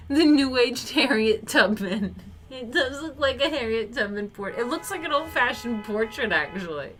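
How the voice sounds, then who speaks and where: A woman's voice: fairly high pitch, expressive, a little slow, a bit bright, soft background music. A woman streamer giving casual, joking reaction commentary, swearing freely and laughing often.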